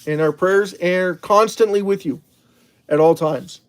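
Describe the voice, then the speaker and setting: A high-pitched man speaks a little slowly over slight background noise. He hosts a casual livestream, chatting and rambling as he reads the chat, restarting often and laughing a lot.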